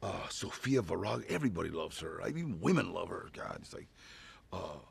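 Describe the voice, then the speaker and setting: A man with a gravelly, husky voice talks loosely in a press interview, rambling from one story to the next. He keeps dropping in "you know" and breaks into chuckles as he goes, an actor talking up his film. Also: deep voice, very animated, fairly quick.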